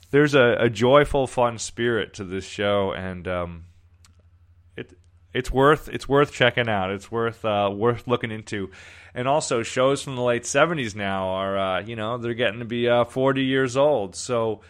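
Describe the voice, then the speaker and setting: Man, smooth low voice, casual rambling commentary host. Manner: rambling, many restarts.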